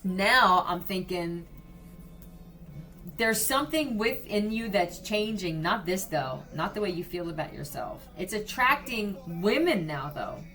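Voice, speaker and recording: A woman in the middle of a psychic reading, talking slowly and unhurriedly. She speaks straight to the listener in a blunt, casual way and swears freely. Her voice sits at an ordinary middle pitch. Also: lively intonation, a bit bright, soft background music. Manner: blunt and profane, addressing the viewer directly. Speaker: psychic reader.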